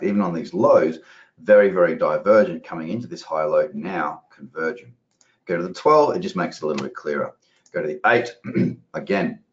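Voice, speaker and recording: A man giving casual, rambling live market commentary as a trading educator, chatty and casually profane. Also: sits low. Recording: roomy, dull lo-fi audio.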